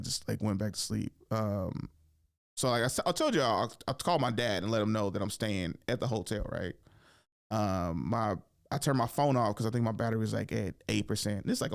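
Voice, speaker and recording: A man's voice: fairly low pitch, gravelly. A young man, a comedian and podcast host, telling a story in a loose, slangy way and acting out the people in it. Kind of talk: casual comic storytelling.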